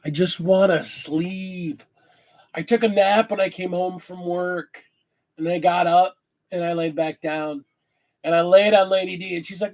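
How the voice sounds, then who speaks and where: Man, high voice, worn out, lingering cough, rambling casual vlog chat, swears freely. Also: steady tone, moderate pace, a little mellow. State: tired, lingering cough after illness. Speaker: host.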